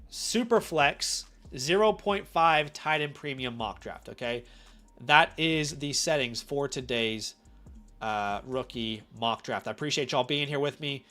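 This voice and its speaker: A man with a cold hosting a casual live stream, chatty and animated, often asking his viewers questions directly. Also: a little high. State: has a cold. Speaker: fantasy football live-stream host.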